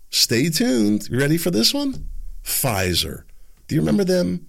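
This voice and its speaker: A sarcastic male commentary host ranting with exasperation. His voice is gravelly and swings widely in pitch as he works himself up. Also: wildly swooping pitch, a little fast. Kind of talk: political commentary rant.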